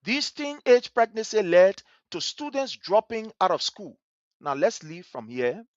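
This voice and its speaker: Indignant man, lively pitch. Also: measured pace, no echo, dull audio. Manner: indignant, repeats phrases for emphasis. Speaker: livestream host. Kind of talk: heated commentary on a live stream.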